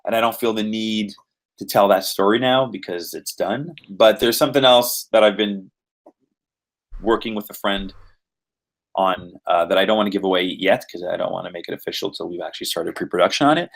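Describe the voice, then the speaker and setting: Rambling actor, low voice. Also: male voice, fairly quick, gravelly. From Quebec. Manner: rambling, animated, many fillers. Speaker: voice and motion capture actor. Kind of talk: podcast interview.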